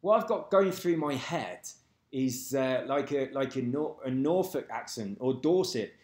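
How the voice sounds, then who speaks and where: A man's voice: medium pitch, expressive, a little slow. A man reading out comments in a blunt, sweary, casual rant. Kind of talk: casual ranting chat. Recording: roomy echo.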